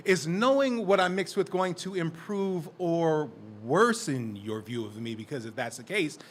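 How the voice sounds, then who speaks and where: A man's voice: fairly high pitch, animated, measured pace, slight background noise. Defiant spoken word poet, a man. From Portland, Oregon. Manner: intense, defiant, profane, building to shouted lines. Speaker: performing poet. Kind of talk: spoken word poetry at an open mic. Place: live open mic in a community center.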